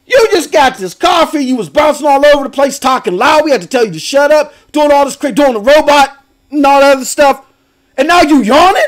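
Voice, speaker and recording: Man voicing a shrill, exclaiming female coworker, incredulous and scolding, very high, swinging pitch.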